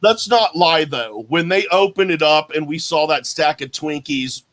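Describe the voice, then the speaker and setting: A man's voice: fairly high pitch, normal speed, fairly bright tone. A man co-hosting a podcast, joking bluntly and crudely in casual chat. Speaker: podcast co-host.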